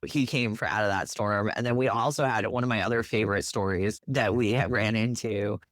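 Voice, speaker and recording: A woman from New Jersey telling a story as an interview guest, lively, acting out the quotes with big jumps in her voice. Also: rumbling low, a little fast, no room sound, clean studio sound. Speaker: guest, animal rescue worker.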